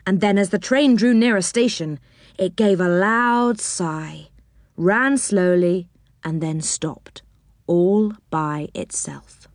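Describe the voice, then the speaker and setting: A woman reading a children's storybook aloud with expressive, animated narration. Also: mid-range voice, slow, no room sound, clean studio sound.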